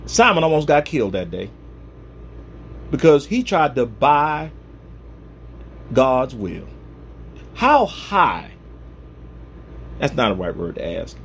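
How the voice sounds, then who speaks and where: A man's voice: mid-range voice, very animated, slow, pauses often, a bit bright, slight background noise. A man preaching a humorous, conversational sermon, retelling Bible stories with comic asides.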